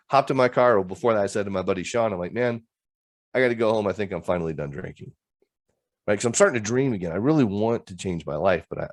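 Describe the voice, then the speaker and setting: Earnest low-voiced man telling his story. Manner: earnest, storytelling with frequent "right?". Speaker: recovery coach speaker. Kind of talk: personal testimony talk. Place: home office with green screen.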